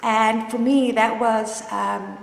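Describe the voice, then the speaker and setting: A woman's voice: on the high side, steady tone, takes it slowly, gravelly. A woman speaking as a mother who tells her own story in a candid, rambling way, restarting her sentences often. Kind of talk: personal confessional vlog. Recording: roomy with long reverb.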